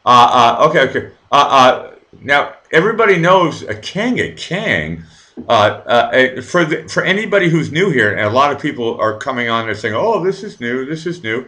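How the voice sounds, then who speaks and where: Hesitant host with many fillers. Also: male voice, mid-range voice, very animated, normal speed, sharp tone. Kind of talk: casual live-stream interview.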